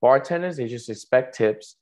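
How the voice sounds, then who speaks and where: A man's voice: medium pitch, lively intonation, moderate pace, darkish tone. A man co-hosting a casual podcast, telling stories in a laid-back way and swearing now and then. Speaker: podcast co-host. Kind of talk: casual chat.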